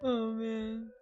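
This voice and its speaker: A young woman from Russia chatting casually during an art stream, swearing freely, laughing often and rambling. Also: fairly high pitch. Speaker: VTuber streamer.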